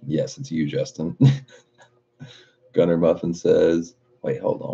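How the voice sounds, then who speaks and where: A man's voice: extremely low pitch, flat delivery, takes it slowly, gravelly, pauses often, warm tone, breathy edge. A man hosting a casual livestream, reading viewer comments aloud with laughter and cursing. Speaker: livestream host. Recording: dull lo-fi stream audio.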